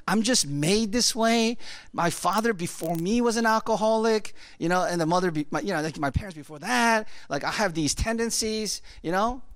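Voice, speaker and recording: A man's voice: high voice, normal speed, fairly bright tone, no room sound. A man preaching a sermon in a casual, rambling way, full of fillers and asides. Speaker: pastor.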